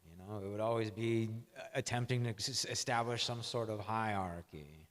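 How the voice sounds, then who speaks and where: A man's voice: on the low side, normal speed, a bit bright, big-room sound. A man co-hosting a podcast, talking in a reflective, wordy, self-mocking way. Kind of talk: casual podcast chat.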